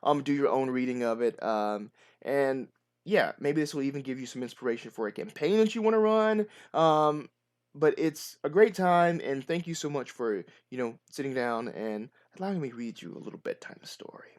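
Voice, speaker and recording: A man's voice: medium pitch, animated, moderate pace. Upbeat man narrating a solo tabletop game. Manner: upbeat, chatty, with frequent fillers.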